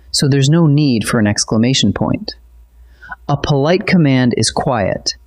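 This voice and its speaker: A man narrates a scripted grammar lesson with a steady, clear delivery. His voice sits in an ordinary middle pitch. He explains each point patiently, like a teacher walking a class through examples.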